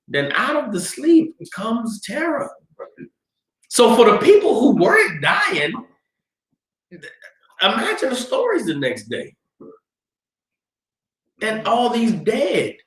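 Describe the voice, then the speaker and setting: A man teaching a scripture class, telling the story in a lively way and acting out screams and cries. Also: high-pitched, roomy sound, poor audio. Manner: animated storytelling, acts out screams.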